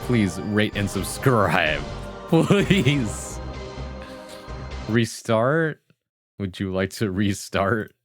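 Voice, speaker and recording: A man's voice: on the low side, big pitch swings, drawn-out words, pauses often, over music. A man streaming live, chatting casually with his viewers in a rambling, jokey way and laughing often. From Vietnamese heritage. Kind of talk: casual livestream chat.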